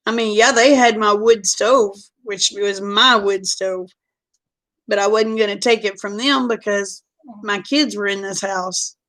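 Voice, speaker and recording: A woman's voice: mid-range voice, unhurried, a bit bright. A middle-aged woman telling a personal story in a frank, chatty way. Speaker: vlogger. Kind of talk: casual storytelling.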